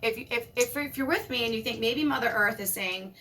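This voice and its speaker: A woman giving a casual spiritual monologue, animated and emphatic, swearing casually. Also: fairly high pitch, brisk, hardly any pauses, a little hiss or hum. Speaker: spiritual vlogger.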